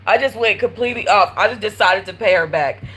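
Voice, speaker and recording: Husky-voiced woman telling stories on a live stream. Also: mid-range voice, fast talker, low-quality recording. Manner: animated, slangy storytelling with blunt cursing. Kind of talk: casual live-stream chat. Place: at home in an apartment.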